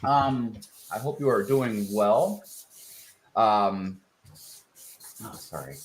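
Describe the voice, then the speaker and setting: A man's voice: on the low side, extremely slow, husky. A man hosting a casual live stream, chatting and greeting viewers.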